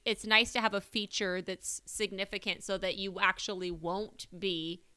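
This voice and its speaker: A woman's voice: medium pitch, steady tone, moderate pace, pushed and bright, clear, resonant tone, no room sound. A woman co-hosting a casual true-crime podcast, sarcastic and joking, often laughing. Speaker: podcast co-host.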